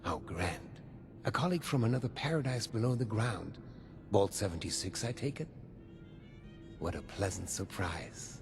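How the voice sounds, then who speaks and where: Gravelly old German-accented ghoul overseer, silky and scheming, swings wide in pitch. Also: male voice, expressive, normal speed, music in the background. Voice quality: gravelly, breathy half-whisper. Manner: silky, theatrical, faintly menacing. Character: old male ghoul vault overseer, smooth scheming businessman.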